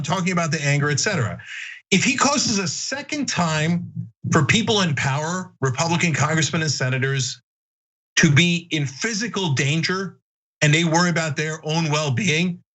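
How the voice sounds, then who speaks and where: A man hosts a political talk show with a slightly high voice. He argues his points emphatically and now and then breaks into mocking shouts. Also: lively intonation, normal speed, rough recording. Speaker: political commentary host. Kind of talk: opinionated political commentary.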